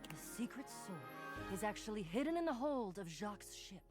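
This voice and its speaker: A woman's voice: mid-range voice, sing-song, moderate pace, over music, close to an everyday voice. A woman voicing a boastful, theatrical female treasure thief in a video game, grandiose and a little flustered. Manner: grandiose, self-praising, flustered.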